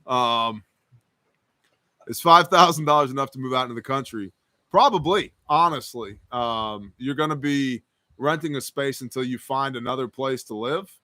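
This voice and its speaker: A man's voice: mid-range voice, normal speed, pushed and bright, no echo. A man hosting a live stream Q&A, reading viewer questions aloud and answering them in a casual, joking, rambling way. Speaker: host.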